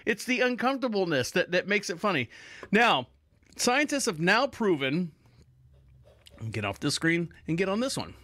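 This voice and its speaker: High, bright-voiced rambling male host. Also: very animated, normal speed, pauses often, no room sound. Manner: rambling, repeats himself, chuckles. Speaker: podcast host. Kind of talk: casual podcast monologue.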